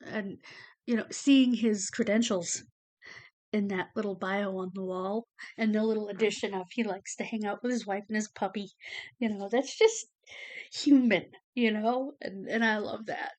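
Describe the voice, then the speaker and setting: Her voice is mid-range, steady and darkish, moving at a normal speed as this woman vlogs a casual personal update to the camera in front of her. Emotional and nearly tearful at points, she rambles and fills it with "you know" and "um."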